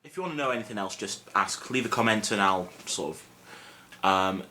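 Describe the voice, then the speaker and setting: Young man, bright forceful voice, lowish pitch, relaxed chatty teaching, faint hiss behind. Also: moderate pace. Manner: relaxed, self-mocking, chatty with many fillers. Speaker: Welsh language teacher. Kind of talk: casual video lesson. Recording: faint background noise.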